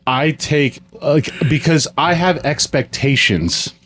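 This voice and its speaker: A man's voice: fairly high pitch, slow pace, a bit bright. A man in his forties, co-hosting a casual chat, talking candidly and reflectively about himself. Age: 40s. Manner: candid, self-deprecating and reflective. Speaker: podcast co-host running the family business.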